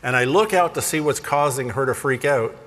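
A man preaching a sermon, telling funny stories in an animated, self-deprecating way. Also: mid-range voice, a little fast, big-room sound. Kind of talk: humorous sermon storytelling.

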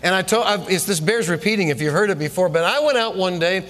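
A man preaching a sermon as pastor, telling a story with lively delivery and repeating phrases for emphasis. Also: high voice, fast. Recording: long reverb of a large room.

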